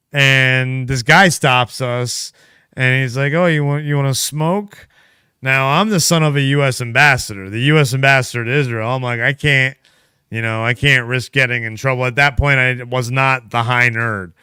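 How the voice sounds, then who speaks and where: A man's voice: mid-range voice, pushed and bright, smooth, no room sound, studio quality. A man in his thirties hosting a casual podcast, reading chat messages aloud and telling rambling stories. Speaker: podcast host. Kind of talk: casual live-stream chat.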